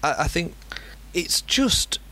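A man's voice: fairly high pitch, big pitch swings, takes it slowly, bright, forceful tone. A man hosting a casual film review chat, often repeating words as he starts sentences.

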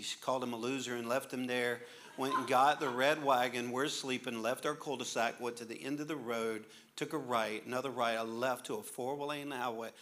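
Bright-voiced joking male pastor. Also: medium pitch. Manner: jokey, animated, laughs through his lines. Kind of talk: humorous sermon storytelling.

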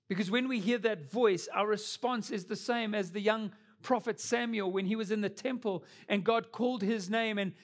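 A man's voice: high-pitched, normal speed, few pauses. A young adult man preaching a sermon as pastor, earnest and building to emphatic peaks.

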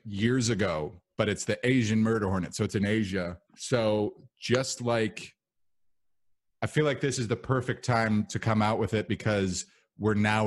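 Profane rambling man in casual chat. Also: on the low side. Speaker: podcast co-host.

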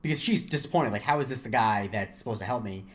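A young man co-hosting a podcast in casual chat. He rambles, restarts his sentences and gets animated when a story takes off. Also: lowish voice, quick pace. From Florida. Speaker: podcast co-host.

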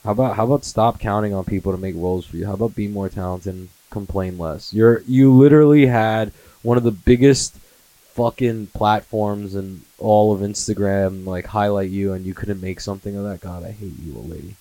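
A man's voice: lowish voice, steady tone, a little fast, warm tone, no room sound, low-quality recording. A man in his twenties on a casual comedy monologue, swearing a lot, laughing often and slipping into mocking impressions. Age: 20s. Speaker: comedy podcast host.

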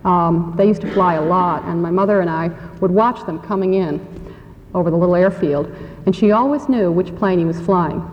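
A woman's voice: fairly low pitch, moderate pace. A woman, a guest speaker at a public forum, telling family anecdotes in a chatty storytelling manner. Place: large church hall. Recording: reverberant hall, dull radio sound.

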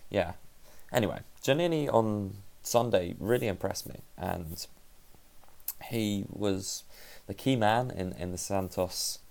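A man's voice: on the low side, expressive, slow pace, gravelly, darkish tone. A man hosting a solo football podcast, talking casually and analytically, often stopping to correct himself. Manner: conversational, self-correcting, analytical. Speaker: podcast host.

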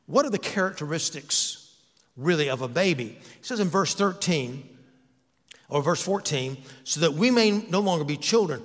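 An older male pastor preaching a sermon in a conversational way, full of rhetorical questions to the congregation. His voice sits a little high for a man, and a long church reverb trails after his words. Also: expressive, moderate pace, fairly bright tone. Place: church sanctuary.

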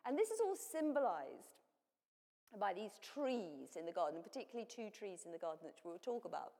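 A woman's voice: medium pitch, big pitch swings, brisk, mellow. A woman giving a sermon, explaining scripture in a plain teaching manner with frequent self-corrections. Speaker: preacher. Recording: long hall reverb.

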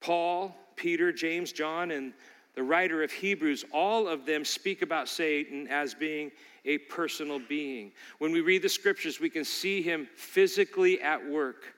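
A man's voice: a little high, measured pace, a bit bright, long reverb tail. A male pastor preaching a sermon, emphatic and fond of repeating key lines for emphasis.

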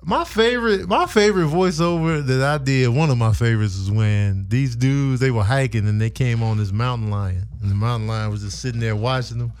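A man guesting on a live show, chatting in a relaxed way. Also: medium pitch, fairly quick, few pauses. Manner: relaxed, says "man" a lot. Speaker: comedian guest. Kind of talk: casual chat.

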